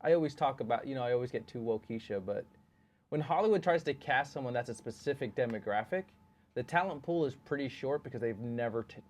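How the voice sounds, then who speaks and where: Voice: mid-range voice, animated, fast, darkish tone. A podcast co-host talking about a movie in casual chat, joking and self-deprecating, with long rambling asides.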